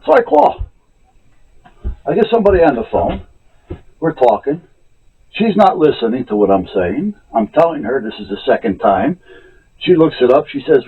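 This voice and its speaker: Husky, animated man telling a story. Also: on the high side, normal speed, pauses often. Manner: animated, exasperated retelling of a phone call. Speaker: vlogger. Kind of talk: casual storytelling rant. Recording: tinny lo-fi phone-like audio.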